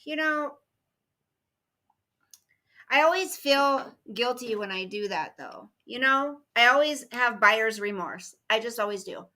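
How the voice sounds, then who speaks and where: A woman's voice: fairly high pitch, measured pace, pushed and bright. A middle-aged woman hosting a casual livestream, rambling through a story and greeting viewers by name as they arrive. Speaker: livestream host chatting with viewers.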